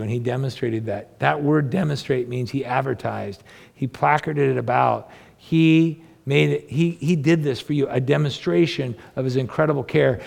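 A man's voice: mid-range voice, vocal fry, a little mellow. A man preaching a sermon, reading scripture and asking his listeners earnest rhetorical questions. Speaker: pastor.

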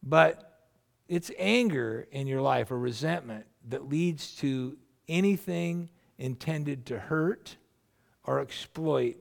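A man's voice: mid-range voice, takes it slowly, gravelly. A middle-aged man, a pastor, preaching a sermon in a loose, conversational storytelling way, often restarting his sentences.

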